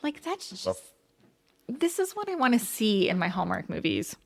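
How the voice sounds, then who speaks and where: Gushing woman podcast co-host, slightly high voice. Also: sing-song, moderate pace, vocal fry. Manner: gushing, lots of "like", quotes her own reactions. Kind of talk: casual chat reviewing a movie.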